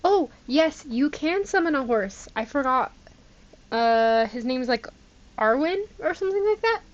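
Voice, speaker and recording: In dull audio, a woman with a high, animated voice speaks a little slowly while commentating live on her game. She addresses her viewers casually, in exasperated disbelief, often laughing at her own mistakes.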